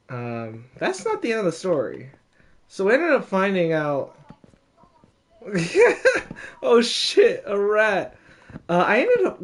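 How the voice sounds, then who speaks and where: A young man casually telling a story, animated, with frequent laughs and lots of fillers. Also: fairly high pitch.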